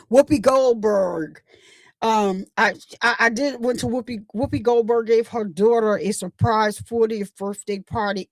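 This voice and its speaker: A woman's voice: a little high, dry recording. A middle-aged woman hosting a livestream, telling rambling stories in casual chat and talking straight to her viewers. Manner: rambling, chatty, addresses viewers directly. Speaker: channel host.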